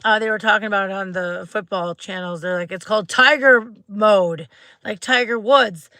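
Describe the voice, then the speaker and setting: A woman's voice: normal speed, bright, forceful tone, no room sound. A woman hosting a casual livestream from inside her parked car, talking close to a phone, chatty and bubbly. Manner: chatty and bubbly, acts out quotes in squeaky voices. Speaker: livestream host. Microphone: phone held close.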